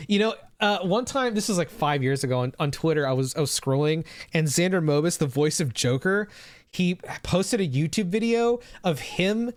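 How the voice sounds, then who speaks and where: A male streamer talks off the cuff to his chat, rambling and dropping the odd swear word. His voice sits a little high for a man. The sound is dry and close, with no room in it. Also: expressive, moderate pace, no room sound. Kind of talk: casual live-stream reaction chat.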